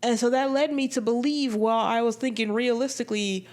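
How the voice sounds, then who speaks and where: A woman vlogger giving a casual, animated movie review, emphatic and swinging between excited high bursts and low, flat drops. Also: fairly quick.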